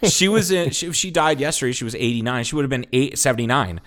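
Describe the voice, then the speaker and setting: A man in his thirties, a podcast co-host telling a story in casual chat, animated and full of swearing. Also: medium pitch, fast talker. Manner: animated storyteller, swears a lot, acts out quotes loudly.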